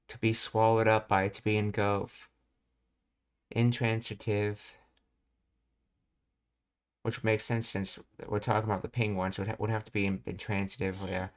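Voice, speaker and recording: Leading a live language lesson, this lowish-voiced man works through meanings by thinking out loud, reading his explanations at a measured pace.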